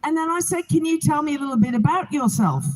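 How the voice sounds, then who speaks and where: High-voiced earnest woman testifying. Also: lively intonation, quick pace, low-quality recording. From England. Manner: earnest, heartfelt, preacherly. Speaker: Bible reading organizer. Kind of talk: spoken testimony to a gathering. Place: outdoors.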